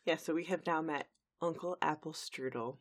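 A woman from Dallas, co-hosting a podcast and retelling a cartoon episode in a chatty, animated way. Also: sits low, normal speed. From Dallas, Texas. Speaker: podcast co-host. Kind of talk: casual recap chat.

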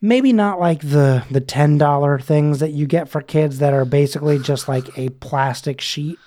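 A man co-hosts a relaxed podcast chat, his voice sitting a little high for a man but soft and mellow in tone. He rambles through his points with many fillers and self-restarts. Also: normal speed. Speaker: podcast co-host. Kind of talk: casual chat.

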